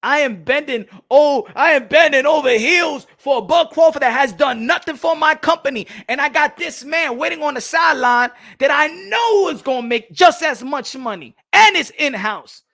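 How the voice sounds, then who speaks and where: A man hosting a boxing channel, ranting loudly and profanely in heated commentary while talking straight to his viewers. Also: extremely high pitch, animated, normal speed, hardly any pauses.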